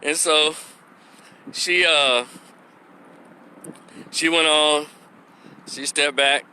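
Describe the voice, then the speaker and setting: A man telling a personal story, animated, laughing and acting out the voices of the people in it. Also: fairly high pitch, very slow, slight background noise. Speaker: vlogger. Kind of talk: casual storytelling vlog.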